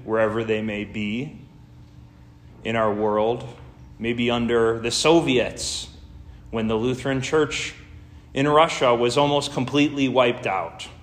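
A man as pastor, reading scripture and preaching a sermon in a church, slow, deliberate and earnest. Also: mid-range voice, fairly bright tone. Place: church sanctuary. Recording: echoey church room.

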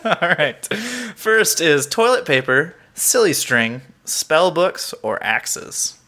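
Bright-voiced playful man quizzing a friend. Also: a little high, very animated, slow pace. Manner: playful, laughs often. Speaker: podcast co-host. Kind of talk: casual chat, quizmaster.

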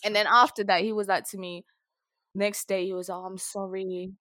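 A young woman, telling a story in a frank, animated way while chatting as a podcast co-host. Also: mid-range voice, a little fast, no room sound, studio quality. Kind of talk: casual chat.

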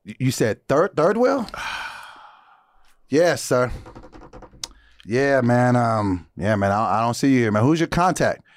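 Animated man telling a story. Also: mid-range voice, unhurried, pauses often. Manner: animated, acts out quotes, frequent laughter. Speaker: podcast co-host. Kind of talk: casual storytelling chat.

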